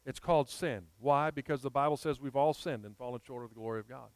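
A man's voice: medium pitch, fast, smooth, dry recording. A man preaching a sermon, telling a personal story and rising to emphatic appeals.

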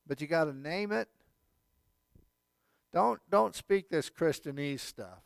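A man's voice: on the high side, measured pace, vocal fry, no room sound. A male pastor giving a sermon, emphatic, with repeated phrases and casual asides. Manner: emphatic preaching with repetition and asides.

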